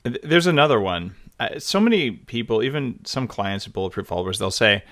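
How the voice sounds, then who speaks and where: A man hosting a podcast interview, chatty and quick to laugh, often restarting his sentences. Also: medium pitch, expressive, fairly bright tone. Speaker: podcast host.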